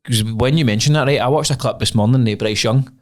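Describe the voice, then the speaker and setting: A man's voice: medium pitch, fast. A young Scottish man co-hosting a podcast, chatting casually, rambling and swearing freely. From Scotland. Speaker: podcast co-host. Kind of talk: casual chat.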